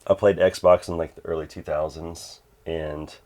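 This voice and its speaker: A man's voice: sits low, little pitch movement, a little slow, a little mellow. A man in his thirties, a game collector chatting casually at home, rambling with lots of fillers and restarts. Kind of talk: casual interview chat.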